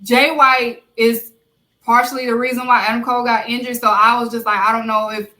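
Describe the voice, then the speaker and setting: A woman hosting a podcast in casual chat, relaxed and filling pauses with ums and uhs. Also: on the high side, rough recording. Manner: relaxed, many fillers. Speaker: podcast host.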